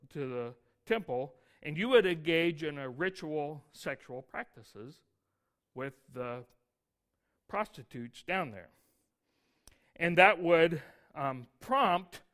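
A man's voice: fairly high pitch, a bit bright. Man teaching a casual, conversational sermon. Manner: conversational Bible teaching with asides and rhetorical questions; reads scripture aloud with emphasis. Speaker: pastor.

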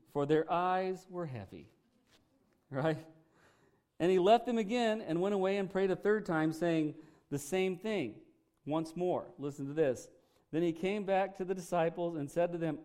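Emphatic higher-voiced male pastor preaching. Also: animated, moderate pace, darkish tone. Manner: emphatic and folksy, full of rhetorical questions. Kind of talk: sermon.

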